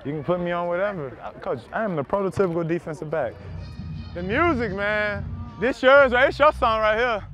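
Young football guy mic'd up at practice, really high voice, loud and teasing the whole time. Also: brisk, faint music behind. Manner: loud, joking, teasing trash talk. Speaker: pro football wide receiver. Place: outdoor football practice field. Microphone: wireless body mic.

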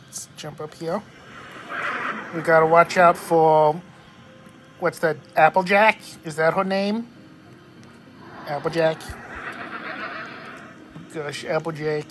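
A woman narrates her gameplay in a casual, jokey way, bursting into excited exclamations. She talks at an unhurried pace. Faint music runs underneath. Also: low voice. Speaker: gaming channel host.

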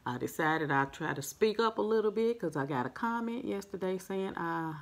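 A soft-spoken woman hosting a mukbang, chatting casually with her viewers and recording without a microphone. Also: lively intonation, normal speed. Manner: soft-spoken, naturally low-volume voice; friendly, chatty, addresses viewers as family. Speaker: mukbang host. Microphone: no microphone, device's built-in mic.

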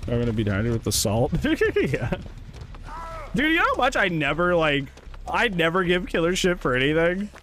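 A young man gives casual gameplay commentary into a desk mic, sarcastic and quick to rant, with plenty of swearing. His voice sits a little high and swings widely in pitch. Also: very animated, bright, forceful tone, a little hiss or hum. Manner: sarcastic, ranting, swears often. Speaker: streamer.

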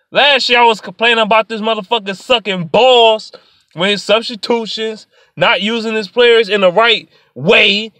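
A man delivering an angry, profane sports rant in a vlog, sliding between low muttering and sudden shouts. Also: no room sound. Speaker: sports vlogger.

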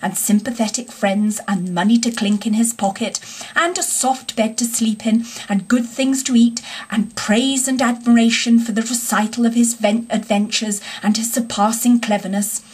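A woman narrating a classic children's story in a fairly high, husky voice. She reads in an expressive, unhurried way. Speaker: audiobook reader.

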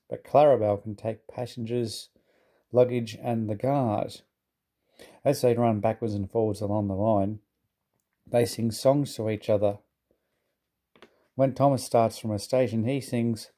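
A man reading a children's storybook aloud in a steady, plain narrating manner. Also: on the low side, unhurried, long pauses.

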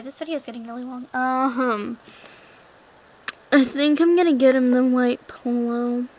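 A teenage girl with a high, light voice talks through her game in a loose, rambling way, filling her sentences with "like" and "um". A faint hiss sits under the recording. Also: gravelly, poor audio. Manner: rambling, chatty, lots of fillers and "like". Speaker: gaming vlogger. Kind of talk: casual screen-recorded game chat.

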